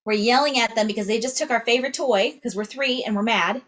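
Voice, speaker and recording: A young adult woman leads a singing lesson in a lively, demonstrative way. Her speaking voice sits a little high. She keeps checking in with the viewer, tagging "right?" onto nearly every phrase. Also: fast. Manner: upbeat, checks in with "right?" constantly, demonstrates sounds. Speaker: singing teacher. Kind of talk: vocal lesson to camera.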